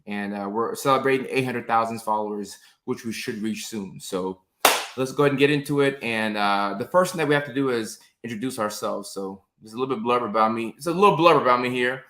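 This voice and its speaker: A man's voice: mid-range voice, a little fast, fairly bright tone, slight background noise. A man in his thirties hosting a casual live stream, greeting viewers by name in an upbeat, chatty way with plenty of fillers, recorded indoors on a phone or webcam close to his face. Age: 30s.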